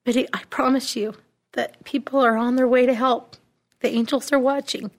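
A woman speaks earnestly and reassuringly, sharing her testimony with a support group. Her voice sits on the higher side, and her pitch stays level and even throughout. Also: normal speed. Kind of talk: testimony at a recovery meeting.

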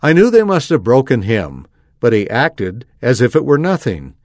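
A man reading a first-person story aloud with an expressive delivery. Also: mid-range voice, normal speed, no room sound, clean studio sound. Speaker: reader.

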